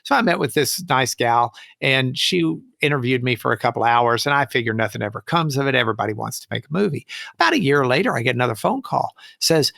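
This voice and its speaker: Guest attorney: a man with a bright, forceful voice, dry close sound, animated storyteller. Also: mid-range voice, fast talker, vocal fry, no room sound. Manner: animated, folksy, acts out quoted voices. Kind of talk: anecdotal storytelling.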